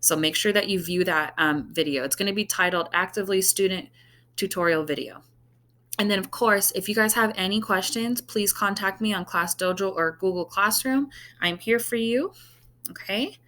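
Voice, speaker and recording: A woman's voice: medium pitch, moderate pace, bright, forceful tone. A woman teacher walks her class through a recorded online lesson. She is patient and goes step by step, checking in with "okay?" again and again.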